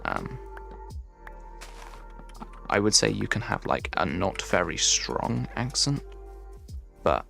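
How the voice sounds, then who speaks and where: A man's voice: lowish voice, very animated, slow pace, gravelly, pauses often, bright, forceful tone, faint music behind. A young man from the English Midlands with a Midlands accent, chatting casually on a game livestream and answering chat while he builds. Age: young adult. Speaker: streamer.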